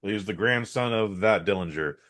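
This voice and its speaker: Speaking at a moderate pace in a lowish, slightly bright voice, a podcast co-host rambles through a blunt and opinionated take on a movie during casual chat.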